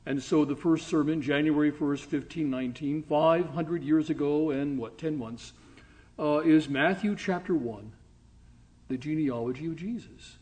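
Male guest lecturer, slightly high voice, casual and witty, full of "uh"s and asides. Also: darkish tone. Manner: chatty, humorous, with fillers and asides. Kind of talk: church history lecture.

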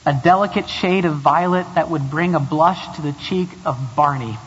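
A man's voice: fairly high pitch, normal speed, breathy edge. A man preaching a chapel sermon, joking about himself before turning earnest and emphatic. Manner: self-deprecating humor, building to earnest emphasis. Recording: dull recording in a long-echo hall.

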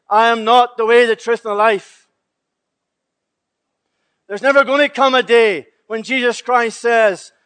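A man's voice: very high-pitched, pushed and bright, clean tone, full character voice. A male preacher voicing God as a hypothetical figure who speaks in a matter-of-fact, confiding way within a sermon. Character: God, male, revising scripture, dismissive.

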